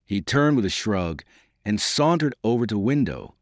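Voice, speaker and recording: A man narrating a historical novel as an audiobook in an expressive, dramatic reading. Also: on the low side, normal speed, dry recording, clean studio sound.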